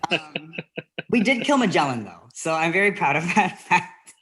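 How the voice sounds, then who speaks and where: A woman born in the Philippines performing a virtual stand-up set over a video call, rambling and giggling mid-sentence and dropping into soft, quiet asides. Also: fairly low pitch, sing-song, moderate pace. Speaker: stand-up comedian.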